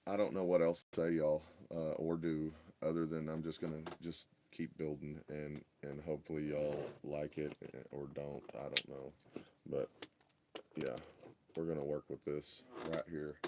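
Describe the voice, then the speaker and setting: Man, very deep voice, muttering and fed up, casual workshop livestream on a phone. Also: little pitch movement, unhurried, noisy background. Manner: frustrated, muttering, drawling. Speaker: RC hobby livestream host.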